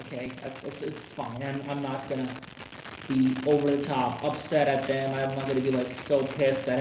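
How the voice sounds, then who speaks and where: A man ranting on a casual live stream about wrestling, swearing constantly and rambling with sudden excited outbursts. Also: medium pitch, normal speed. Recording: echoey room with noisy background.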